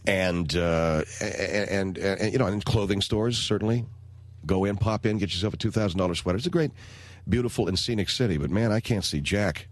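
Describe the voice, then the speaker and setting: Rambling, exasperated radio host. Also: male voice, fairly low pitch, no room sound. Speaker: radio talk show host. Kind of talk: comedic radio monologue. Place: radio studio. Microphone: studio mic.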